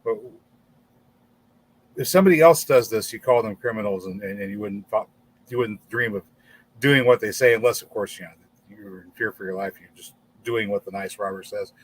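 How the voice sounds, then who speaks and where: A man voicing a polite, puzzled space alien who asks baffled questions in a higher voice. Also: normal speed, slightly rough.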